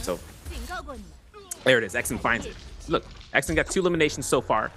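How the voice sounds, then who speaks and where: A man's voice: mid-range voice, animated, quick pace, pauses often. A man casting an esports match, bantering and laughing with his co-caster. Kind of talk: playful esports commentary.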